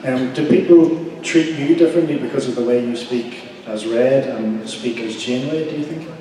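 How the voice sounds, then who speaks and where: A man's voice: mid-range voice, normal speed, mellow. An Irish man asking a convention guest a question hesitantly, with frequent ums. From Ireland. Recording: echoey hall from far off, crowd.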